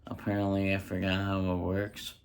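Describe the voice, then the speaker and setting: A man doing a casual home-recorded ASMR stand-up bit, rambling through deadpan jokes with frequent ums, close on a handheld mic. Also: deep voice, normal speed. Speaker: stand-up comedian. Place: indoors at home.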